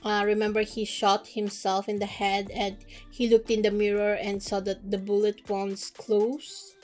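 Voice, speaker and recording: A young woman casually retelling a story while drawing, chatty and animated, acting out the characters' lines. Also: medium pitch, unhurried, faint music behind. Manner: chatty, animated retelling with fillers and acted quotes. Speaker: webcomic artist recapping a novel. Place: home studio, drawing at desk.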